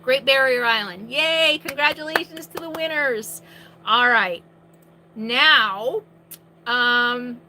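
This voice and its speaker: A woman with a high, bright voice runs a live question-and-answer stream from inside her RV. She talks in a chatty, loose way with restarts and projects loudly so her viewers can hear. A faint hum sits under her voice. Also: slow, poor audio. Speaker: RV vlogger hosting a live Q&A. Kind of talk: casual live-stream chat.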